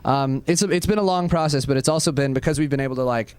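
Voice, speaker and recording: Young man, twenties, band member, smooth voice, joking, laid-back, backstage. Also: on the high side, fast, a little mellow, no echo. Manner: laid-back, laughs often, jokes with bandmates. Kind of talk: casual backstage interview. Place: backstage at a music venue.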